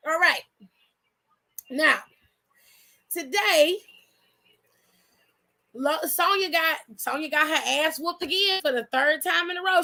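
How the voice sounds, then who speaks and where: A woman hosting her own channel, chatting loudly and bluntly with her chat and swearing freely. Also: high-pitched. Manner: loud, blunt, profane, reads chat aloud. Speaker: channel host. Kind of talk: casual livestream chat.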